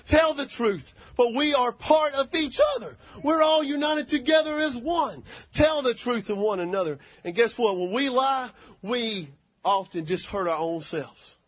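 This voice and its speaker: Fervent preacher man, high voice. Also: animated, unhurried, fairly bright tone, dry recording, muffled recording. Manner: fervent, calls for amens. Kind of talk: sermon.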